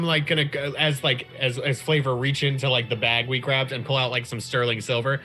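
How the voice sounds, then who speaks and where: A man's voice: medium pitch, little pitch movement, a little fast, few pauses, pushed and bright, faint music behind. A man playing in a tabletop game, talking hesitantly with lots of fillers as he describes his moves. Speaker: player.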